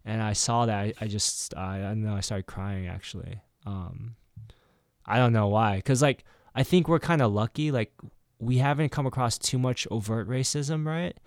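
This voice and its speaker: A man's voice: fairly low pitch, normal speed, no room sound. Dry-sounding man telling rambling stories. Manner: rambling storytelling, many restarts; acts out quoted dialogue. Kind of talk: casual chat.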